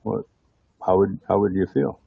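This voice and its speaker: A man's voice: deep voice, moderate pace, creaky, narrow, tinny audio, noisy background. A man preaching a sermon in a conversational way, often putting rhetorical questions to his congregation.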